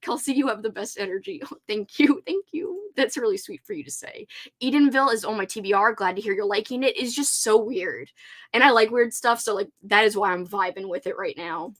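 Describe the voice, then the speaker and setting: A woman's voice: mid-range voice, brisk, fairly bright tone. A woman hosting a casual reading livestream, gushing and laughing often as she answers viewer comments. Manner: bubbly and gushing, laughs often, many "like" fillers.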